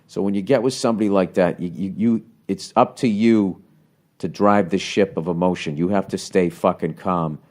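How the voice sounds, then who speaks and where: A man's voice: low voice, moderate pace, a little mellow. A middle-aged man hosting a podcast, bluntly giving casual advice on a listener's letter with lots of swearing and rambling asides. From United States.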